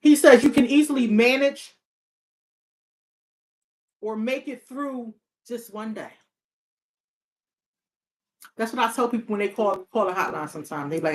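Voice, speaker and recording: A woman who works as a therapist and hotline counselor speaks in a casual, reflective monologue, earnest and often repeating her key phrases. Her voice is fairly high, her pace measured, and she pauses often.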